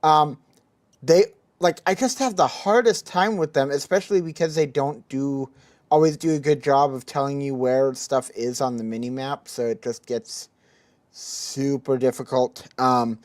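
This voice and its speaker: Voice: mid-range voice, steady tone, unhurried, a little mellow. A podcast co-host in casual livestream chat, speaking hesitantly with laughs between phrases.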